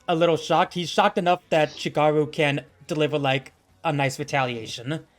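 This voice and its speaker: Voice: medium pitch, fairly even intonation, normal speed, faint music behind. A young adult game master narrating a tabletop fight, with many fillers like "uh" and "like". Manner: hesitant, full of "like" and "uh".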